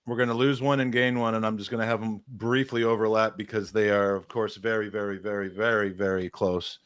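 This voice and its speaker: A man with a fairly low voice hosts a charity podcast stream and chats in a casual, jokey, upbeat way. The sound is dry and close, with no room echo. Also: level tone, fairly quick, clear, resonant tone. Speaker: host.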